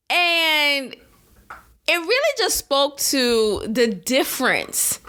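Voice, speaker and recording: A woman's voice: high voice, big pitch swings, drawn-out words, pushed and bright, a little hiss or hum. A woman hosting a video commentary, giving blunt, frank opinions in a casual way and often laughing.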